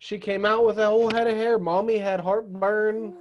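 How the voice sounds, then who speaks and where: A man's voice: high-pitched, flat delivery, moderate pace, highs cut off, a little hiss or hum. A young adult man chatting casually as a podcast guest, often restarting and repeating words. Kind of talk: casual chat.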